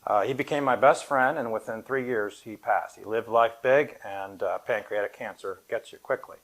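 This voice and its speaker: A man's voice: fairly low pitch, moderate pace, a bit bright. A middle-aged man, a funeral director, gives a live talk to an audience in a conversational, anecdotal way with light humor. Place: event room at a funeral home, with an audience present.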